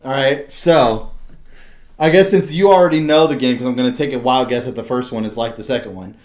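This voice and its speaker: Young male podcast host, mid-pitched, loose and profane, laughs through his stories. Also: brisk. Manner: swears freely, laughs often, animated storytelling. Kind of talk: casual chat.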